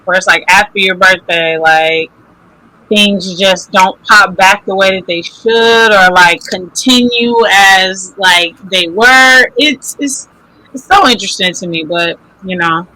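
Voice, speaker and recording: A woman's voice: medium pitch, slow pace, bright, forceful tone, low-quality recording. A woman co-hosting a casual podcast, rambling with lots of filler words and a drowsy edge. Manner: rambling, many filler likes. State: drowsy, just woken up. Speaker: podcast co-host. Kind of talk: casual chat.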